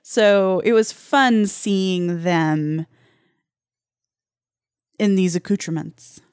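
Podcast cohost lady, kinda halting and wry, super dry close sound. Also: medium pitch, darkish tone, clear, resonant tone, dry recording. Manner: hesitant, restarts a lot, wry. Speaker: podcast co-host. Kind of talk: casual chat.

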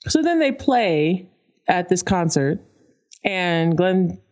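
A woman's voice: fairly low pitch, slow pace. A woman co-hosting a podcast, chatting casually and acting out the lines she quotes, with laughs. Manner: animated, acts out quoted characters with laughs. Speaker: podcast co-host. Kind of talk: casual chat recapping a cartoon episode.

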